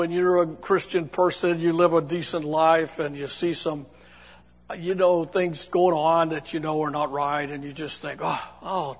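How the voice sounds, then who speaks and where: Preacher, male, high husky voice, folksy and chatty, church hall with a long echo. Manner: folksy, conversational, many restarts. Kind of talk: sermon.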